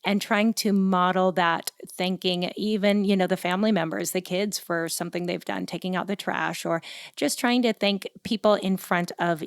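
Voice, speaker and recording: A woman's voice: fairly low pitch, fairly even intonation, normal speed, clear, resonant tone, no echo, clean studio sound. A woman in her forties hosting a podcast, chatting casually and telling stories from her own home. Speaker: podcast host.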